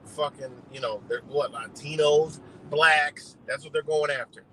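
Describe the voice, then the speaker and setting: A man's voice: fairly high pitch, steady tone, unhurried, bright, forceful tone, slight background noise, low-quality recording. A man doing a rambling, profane political rant on a livestream, talking outdoors beside a road. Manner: heated, rambling, heavy swearing. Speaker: livestream host.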